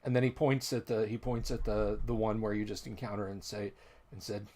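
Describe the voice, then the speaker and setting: A man's voice: lowish voice, little pitch movement, brisk, a little mellow. A man running a tabletop game as game master, describing the scene with frequent restarts.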